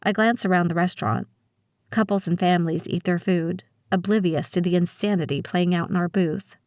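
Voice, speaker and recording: A woman reading a first-person audiobook with a steady, measured delivery. Her voice sits on the low side, and the sound is dry and close, with no room in it. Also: no echo. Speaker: audiobook narrator.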